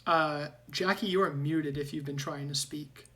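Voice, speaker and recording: A woman's voice: low-pitched, fairly even intonation, moderate pace, a bit bright. A woman narrating as game master in a casual tabletop game, with lots of fillers and restarts.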